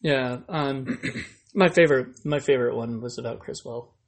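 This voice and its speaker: A man's voice: medium pitch, moderate pace. Male podcast host, casual chatter, rambling storyteller, mid-range voice. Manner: rambling, filler-heavy storyteller. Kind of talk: casual chat.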